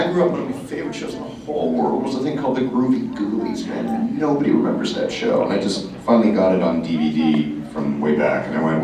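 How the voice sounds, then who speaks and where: A man, a voice actor, speaking at a convention panel and jumping into quick voices and asides. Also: on the low side, a crowd in the background. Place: large convention hall. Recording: echoey hall, mic heard from a distance.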